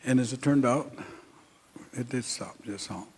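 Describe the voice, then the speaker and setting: Gravelly older man telling a story slowly. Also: medium pitch, a little mellow. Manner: unhurried, halting storytelling with many pauses and fillers. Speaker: speaker at an honoring event. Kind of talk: recounting a personal story in a speech.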